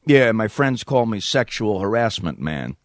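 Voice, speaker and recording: A man's voice: on the low side, very animated, a little slow, no room sound, clean studio sound. A man voicing a smarmy, pushy male caller with a New York accent who keeps hitting on a radio host.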